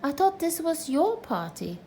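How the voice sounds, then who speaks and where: A woman voicing a small, timid piglet who speaks softly and in a small voice. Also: sits high, big pitch swings, measured pace, slight background noise, pitched above the performer's own voice, exaggerated voice. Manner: soft, small, hushed.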